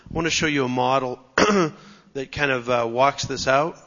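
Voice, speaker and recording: A man's voice: medium pitch, moderate pace, a bit bright, in a large hall, muffled recording. A man giving a teaching talk at church, explaining step by step in a methodical way. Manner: explanatory, methodical, clears throat.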